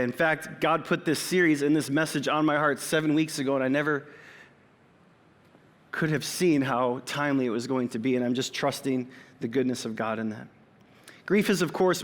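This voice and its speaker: A pastor in his forties giving a sermon in a church auditorium, talking conversationally with personal asides. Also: a little high. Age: 40s. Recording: long reverb of a church hall.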